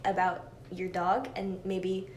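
A woman's voice: fairly low pitch, completely flat delivery, takes it slowly, darkish tone. A young woman co-hosting a podcast, chatting casually and reacting in a bubbly, gushing way. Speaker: podcast co-host. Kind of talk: casual chat. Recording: roomy with faint hiss.

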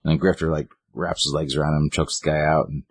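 Low husky man retelling a story. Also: quick pace, no echo. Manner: animated retelling, acting out lines of dialogue in a raised voice. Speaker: co-host recapping a game story. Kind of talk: casual chat.

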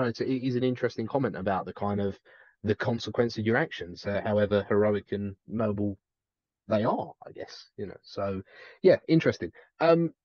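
A young man with a low voice chats on a podcast in a dry, close sound. His telling is animated, and he keeps leaping into squeaky impressions of what characters say. The recording is a touch dull and lo-fi. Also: no echo. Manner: animated storyteller, mimics characters with sudden high pitch jumps. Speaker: podcast co-host. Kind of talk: casual chat.

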